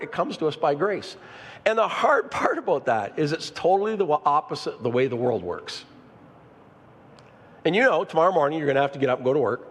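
A male pastor preaching in a church sanctuary, his voice sitting a little higher than most men's. The long reverb of the hall trails after each phrase. He keeps calling on the congregation to answer him. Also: a bit bright. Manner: preaching with call-and-response asides to the congregation. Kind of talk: sermon.

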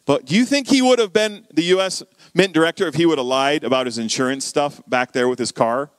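A man preaching a sermon, telling a story and acting out the dialogue with lively shifts of voice. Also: a little high, fairly quick, smooth, dry recording. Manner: animated, acts out quoted dialogue.

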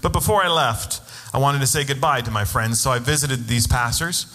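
A man's voice: medium pitch, fairly quick, sharp tone, long reverb tail. A man preaching a sermon as a pastor, telling a personal story and acting out the voices of the people in it. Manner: storytelling, acts out quoted voices.

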